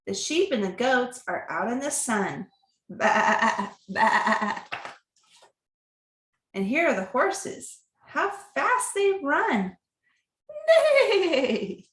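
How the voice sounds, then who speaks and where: Woman reading picture books to a child; lively, unhurried, roomy echo. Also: high-pitched. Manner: slow, animated, with animal sounds. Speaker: reader to a child. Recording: echoey room.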